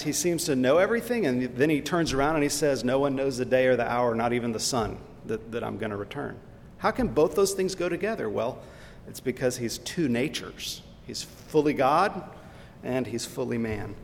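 A man's voice: lively intonation, normal speed, gravelly. Man preaching in a reverberant hall. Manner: questioning, emphatic preaching. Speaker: pastor. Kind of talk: sermon. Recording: hall reverb, faint rumble.

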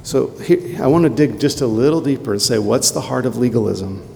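Gravelly man preaching in a hall. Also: medium pitch, animated, dark tone, slight background noise. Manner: conversational preaching, quick asides and emphatic rhetorical questions. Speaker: pastor. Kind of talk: sermon. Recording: long hall reverb.

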